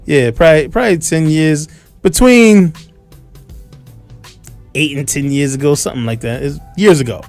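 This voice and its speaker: A man on a radio talk show tells a story in a loose, animated way, his voice sitting a little high. He talks into a studio microphone with faint music playing underneath. He acts out what people shouted at him. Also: moderate pace, pauses often.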